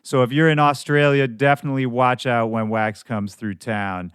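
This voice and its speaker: A man hosting his own podcast, talking loosely and candidly, his voice hoarse from shouting at a show the night before. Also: mid-range voice, steady tone, normal speed, no room sound, studio quality. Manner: candid, loose and conversational, with some swearing. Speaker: podcast host. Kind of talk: casual podcast monologue.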